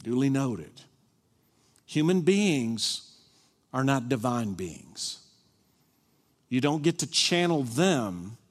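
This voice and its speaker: A male pastor preaching a sermon, animated, acting out the people he quotes. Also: medium pitch, slow pace, pauses often. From Kentucky. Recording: long reverb of a large hall.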